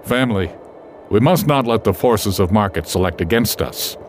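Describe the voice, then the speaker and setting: A wise old wolf who leads his pack, voiced by a man in a storybook. He speaks quietly and firmly with a solemn weight. His voice sits low and moves with feeling. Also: animated, moderate pace, a little hiss or hum, close to an everyday voice. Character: calm, wise male wolf pack leader.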